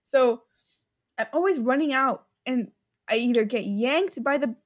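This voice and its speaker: A woman's voice: high-pitched, measured pace. A young woman chatting casually, rambling and giggling, with lots of fillers. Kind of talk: casual chat.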